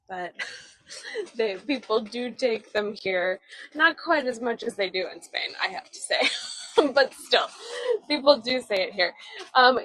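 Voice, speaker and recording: Her voice fairly high and bright, a woman in her thirties with roots in the American Pacific Northwest and Midwest narrates a live-streamed phone walking tour on old-town streets. She's enthusiastic and chatty with many fillers, and the audio is poor, though echo-free.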